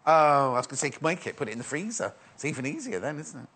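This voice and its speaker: A man's voice: fairly high pitch, big pitch swings, fast, fairly bright tone, husky. A man presenting a shopping channel, chatty and rambling, joking and reading out viewer messages. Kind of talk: live shopping channel chat.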